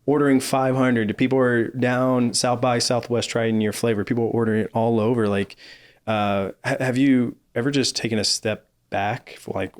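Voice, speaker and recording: A man's voice: medium pitch, little pitch movement, moderate pace. A man hosting a podcast, casually interviewing a guest in an enthusiastic, affirming way. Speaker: podcast host.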